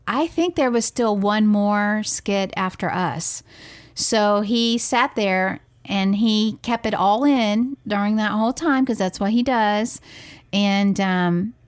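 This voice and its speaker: A woman co-hosting a parenting podcast, telling a family story in casual, animated chat with frequent restarts. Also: mid-range voice, dry recording.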